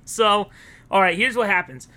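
A man's voice: high-pitched, normal speed, pushed and bright. A man co-hosting a podcast, casually retelling a story he wrote and acting out the characters' lines. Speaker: podcast co-host.

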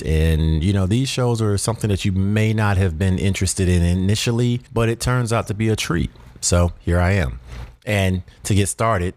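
A man's voice: sits low, a little mellow. A man from the South, casually rambling through a show review with lots of asides and fillers. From Southern United States. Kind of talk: casual monologue.

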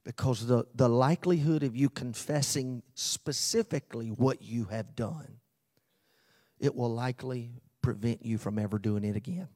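In his sermon, a male pastor slows on important phrases and shifts from forceful, loud emphasis to quiet near-whispers, all in a mid-range voice.

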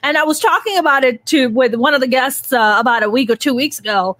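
A woman's voice: sits high, quick pace, fairly bright tone, dry recording. A woman in her thirties hosting a podcast, talking candidly and emotionally, swearing freely. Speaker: podcast host. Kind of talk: candid conversational interview.

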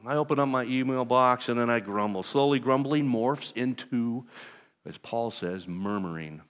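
A man preaching a sermon as pastor, talking to his congregation in a conversational, self-deprecating way with lively asides. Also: mid-range voice. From Southern California. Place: church sanctuary. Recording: long reverb of a large hall.

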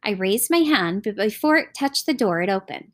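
Expressive woman reading an audiobook. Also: mid-range voice, moderate pace. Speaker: audiobook reader. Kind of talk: scripted narration.

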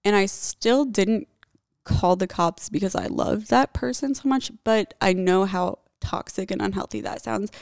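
Young woman vlogger, blunt confessional storyteller who curses often; raspy vocal fry, dead-dry recording. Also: mid-range voice, unhurried, a little mellow, dry recording. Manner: blunt, heavy swearing, candid. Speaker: vlogger telling a personal story.

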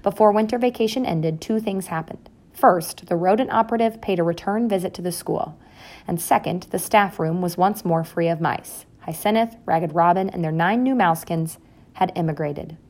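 A woman narrating a children's storybook in a calm, even manner. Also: lowish voice, moderate pace. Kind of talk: audiobook narration.

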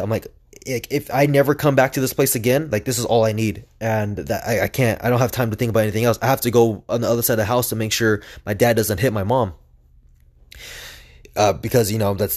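A man's voice: fairly low pitch, darkish tone. Young man rambling through a personal story. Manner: rambling, heavy use of "like", earnest.

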